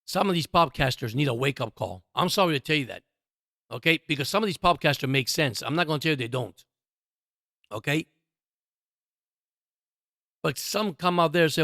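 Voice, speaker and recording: On his sports podcast, a man delivers passionate commentary directly to his listeners, calling them guys, emphatic and repetitive. His voice is slightly high, expressive, pushed and bright, at a moderate pace with frequent pauses, recorded in the studio without room sound.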